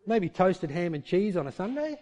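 A man preaching a sermon in a conversational, animated style, full of rhetorical questions and shifts of pace. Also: high-pitched, normal speed. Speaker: pastor.

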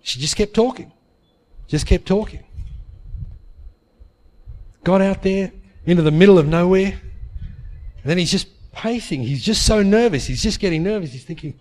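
A pastor with a notably high-pitched male voice delivers a sermon. He tells a story earnestly and drives his points home by repeating phrases. He turns to his listeners for an amen. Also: moderate pace, pauses often, darkish tone.

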